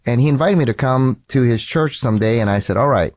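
American male host, animated storyteller, dry and slightly dull audio. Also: mid-range voice, fairly quick, hardly any pauses, dry recording. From United States. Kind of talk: conversational interview.

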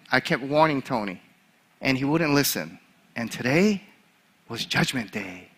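A male chaplain preaching a sermon, an animated storyteller who laughs at his own story. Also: medium pitch, a little slow, slightly rough.

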